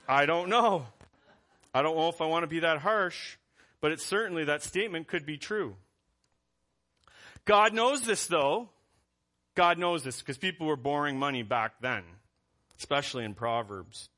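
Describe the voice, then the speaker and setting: A man's voice: a little high, bright, forceful tone. A man preaching a conversational sermon as pastor, reading scripture aloud between asides.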